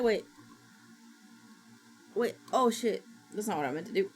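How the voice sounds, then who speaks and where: A woman streaming, chatting casually while she works and gasping and squealing with excitement as she greets viewers. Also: mid-range voice, measured pace. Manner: excitable, gasps and squeals at new followers; chatty and self-mocking, talking while working. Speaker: VTuber streamer. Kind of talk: casual livestream chat. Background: faint background music.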